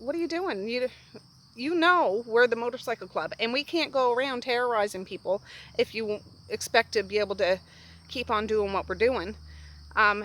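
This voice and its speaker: A man's voice: very high-pitched, a bit bright. A woman doing a scolding young biker man. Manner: scolding, exasperated.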